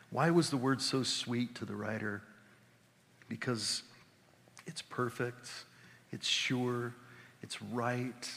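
A pastor preaching a conversational, animated sermon with exclamations. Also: male voice, medium pitch, gravelly. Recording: reverberant hall.

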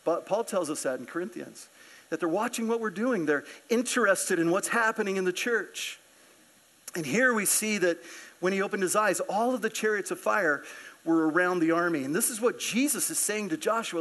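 Brief: a pastor with a high voice, animated, acting out the scripture. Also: male voice, normal speed. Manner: animated, acts out scripture characters. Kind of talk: sermon. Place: church sanctuary.

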